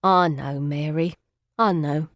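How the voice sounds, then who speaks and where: A woman voicing a kindly street boy who soothes a crying girl in a gentle, lower voice. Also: animated, slow, dry recording, studio quality. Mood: soothing. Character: kindly street boy, older brother type.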